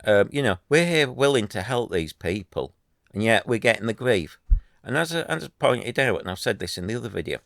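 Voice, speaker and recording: A man's voice: lowish voice, lively intonation, brisk, vocal fry, a bit bright, dry recording, clean studio sound. A man, talking to camera in an earnest, rambling way, full of restarts and fillers. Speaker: YouTuber. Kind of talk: casual commentary to camera.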